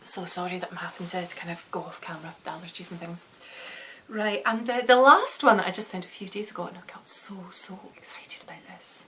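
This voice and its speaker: Scottish lady in her 30s rambling on her podcast, bright voice, bit of hiss behind. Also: on the low side, brisk. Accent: soft West of Scotland. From Scotland. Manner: rambling, warm laughs, trails into whispers. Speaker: knitting podcast host. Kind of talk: casual chatty podcast.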